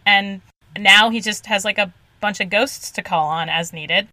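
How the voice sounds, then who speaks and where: Bright-voiced woman co-host, chatty and laughing, close dry mic. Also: mid-range voice, a little slow, dry recording, poor audio. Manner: chatty, many "like" fillers, laughs easily. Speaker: podcast co-host. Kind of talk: casual comics podcast chat.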